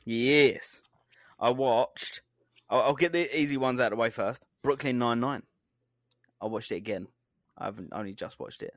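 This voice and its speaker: A man's voice: medium pitch, moderate pace, pauses often, no echo. Swearing man, dry close mic. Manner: laughs often, swears casually. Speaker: podcast co-host. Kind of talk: casual chat.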